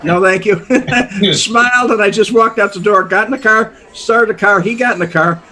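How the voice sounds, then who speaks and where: An older man telling a story as an interview guest, animated, chuckling often and acting out voices. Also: high voice, moderate pace. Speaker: guest, former undercover informant.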